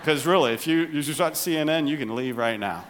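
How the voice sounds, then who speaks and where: A male pastor delivers a humorous sermon in a church sanctuary. His voice sits a little high for a man. He swings from animated punchlines down to quiet, reflective asides. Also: fairly quick, noisy background. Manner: jokey, animated, drops to soft asides.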